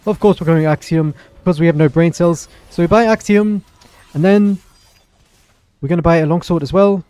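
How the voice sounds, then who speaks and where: A young man commentates his own match live for his stream, chatty and excitable. His voice sits a little high, with a mellow, soft tone. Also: moderate pace, clear, resonant tone, dry recording. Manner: excitable, chatty, apologetic asides to chat.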